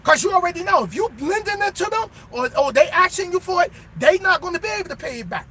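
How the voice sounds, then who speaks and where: A male truck driver giving a motivational pep talk in a preachy way, bursting into shouts, recorded in his truck cab. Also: very high voice, animated, quick pace.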